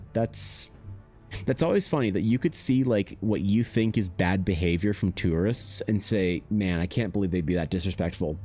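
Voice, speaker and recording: A man's voice: fairly low pitch, dark tone. A man hosting an art live stream, chatting casually with his chat and rambling with lots of fillers. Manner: rambling, many fillers, reads chat aloud.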